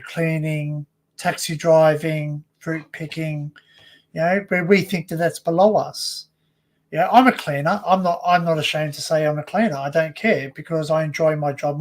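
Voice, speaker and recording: A man with an Australian accent, chatting casually and telling rambling stories full of fillers. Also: on the high side. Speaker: co-host. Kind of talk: casual chat.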